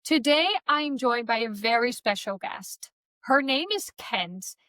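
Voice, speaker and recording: A woman's voice: a little high, expressive, a little slow, bright, forceful tone, dry recording. A woman hosting a podcast, giving a friendly welcome and introducing her guest in a casual chat. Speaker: podcast host.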